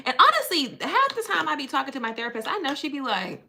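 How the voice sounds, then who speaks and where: Woman, livestream host, playful and teasing, bright voice. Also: high-pitched, wildly swooping pitch, fast talker, creaky. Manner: chatty and playful, laughs often, teases viewers. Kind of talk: casual livestream chat with viewers.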